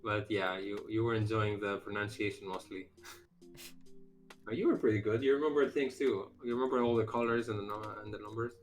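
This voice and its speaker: A man's voice: lowish voice, fairly even intonation, brisk, faint music behind, poor audio. Man, patient and hesitant. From Greece. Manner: patient teaching, hesitant with many fillers. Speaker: game dev streamer. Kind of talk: casual chat.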